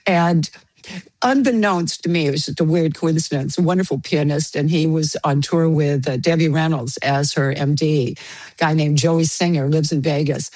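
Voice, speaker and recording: A woman radio host and jazz pianist telling an animated anecdote, laughing and acting out the voices of the people in it. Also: low voice, normal speed, dry recording. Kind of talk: storytelling anecdote.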